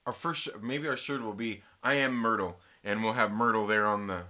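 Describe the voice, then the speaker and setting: A man's voice: lowish voice, brisk, bright, forceful tone. A man hosting a casual live-stream chat, rambling in a laid-back way and reading viewer comments aloud. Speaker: channel host.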